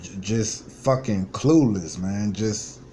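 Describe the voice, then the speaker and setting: A man in his twenties with a fairly low voice talks straight into his vlog. He is frustrated and vents bluntly, with a lot of swearing. A faint hiss sits behind him. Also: takes it slowly, warm tone. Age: 20s. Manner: blunt, profane, frustrated venting. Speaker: vlogger. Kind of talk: personal vlog monologue.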